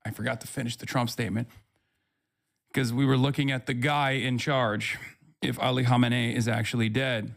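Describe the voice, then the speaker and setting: A man's voice: mid-range voice, little pitch movement, normal speed, gravelly, pauses often, a bit bright. A man live-streaming, talking back to his chat in a sarcastic, profane, rambling way. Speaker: livestreamer.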